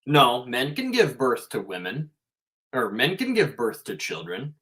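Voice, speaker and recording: A man's voice: medium pitch, huge pitch swings, unhurried, a bit bright. Emphatic man talking about faith. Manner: emphatic, swears freely. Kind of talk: casual spiritual monologue.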